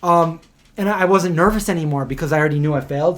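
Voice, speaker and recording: A man hosting a livestream, telling stories in a casual, rambling way, full of fillers and animated retellings. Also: on the high side, fast, a little hiss or hum. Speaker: host of a livestream. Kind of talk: casual storytelling chat.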